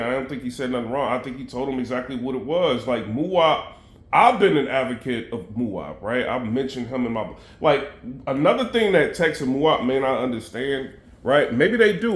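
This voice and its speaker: Recorded in an echoey room, a man with a medium-pitched voice delivers battle rap commentary right to his audience. It's loose and chatty, heavy on fillers, side remarks and "you know what I mean."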